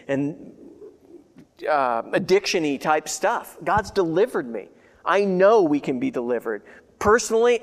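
A man preaching a sermon as a pastor, talking in a conversational, earnest way, repeating himself and swinging between loud declarations and hushed remembering. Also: high-pitched. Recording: hall with long reverb.

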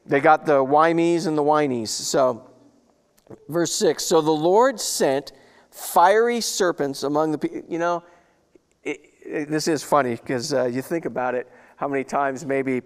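A man's voice: fairly high pitch, clear, resonant tone, long reverb tail. A man preaching a sermon as pastor, reading scripture and breaking into folksy, chatty asides.

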